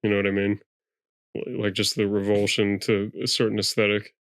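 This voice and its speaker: Brief: man with a smooth, resonant voice, dry wry asides, close dry mic. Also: fairly low pitch, flat delivery, a little fast, a bit bright, no room sound. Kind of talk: casual podcast chat.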